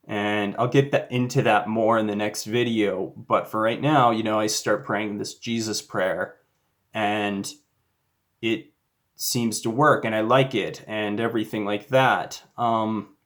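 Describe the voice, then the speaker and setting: A man telling a personal faith story in a casual, rambling way, with fillers and restarts. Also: lowish voice. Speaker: YouTuber.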